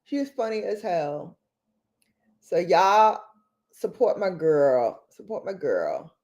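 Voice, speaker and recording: A woman's voice: fairly low pitch, very animated, slow pace, darkish tone. A woman hosting a casual livestream, chatting with viewers in a playful, laughing way and repeating phrases for emphasis. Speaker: beauty livestream host.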